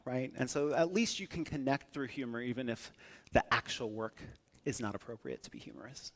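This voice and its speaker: A young man from the northern United States giving a humorous keynote talk, with a playful, energetic, jokey delivery. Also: mid-range voice, brisk. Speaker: conference speaker.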